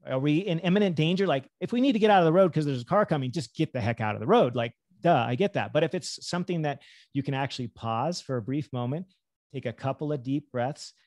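A middle-aged man with a fairly high voice talks in an animated, enthusiastic way, often slipping into little acted bits of self-talk. He is a physician guest on a casual podcast, and his sound is close and dry. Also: fast, no room sound.

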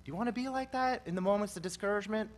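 A male pastor delivering an expository sermon at a church service. He swells loud on repeated phrases, then drops back to a soft, conversational teaching tone. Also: high voice, very fast.

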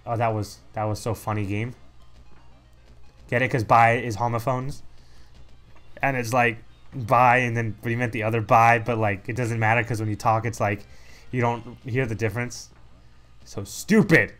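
A man's voice: medium pitch, steady tone, moderate pace, pauses often, fairly bright tone. A young man giving casual, sarcastic commentary as he plays a video game. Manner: sarcastic, mocking, reads game text in put-on voices. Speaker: let's play host.

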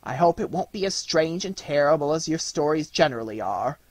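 A man voicing a grave, proper mother who speaks in a stern, measured way. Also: a little high, animated, dry recording.

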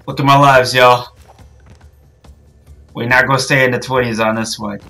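Gal yelling at a video game, slow drawn-out talk, cusses constantly, some game music under it. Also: female voice, extremely low pitch. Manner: frustrated, swears a lot, yells at the game. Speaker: gaming channel host. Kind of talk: let's play commentary.

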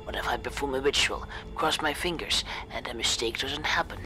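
A streamer voicing a middle-aged male scientist who muses in a low, hushed, half-whispered way. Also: fairly quick, over music, natural voice, rough recording. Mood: musing.

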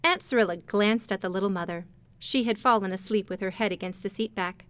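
A woman narrating a storybook in a gentle, measured way. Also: mid-range voice, smooth, no room sound. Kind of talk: storybook reading.

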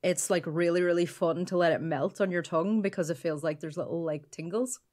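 This is a woman with an Irish accent, chatting casually as a podcast co-host. Her voice sits fairly low. She talks in a loose, playful way and laughs easily. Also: brisk, darkish tone. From Ireland.

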